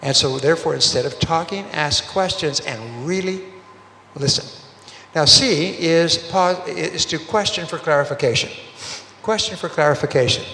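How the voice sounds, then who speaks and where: At a motivational sales seminar, a man tells stories and performs snippets of dialogue in quoted voices. He has a fairly high, bright, forceful voice. Roomy hall reverb, faint ambience, and a slight hiss or hum color the recording.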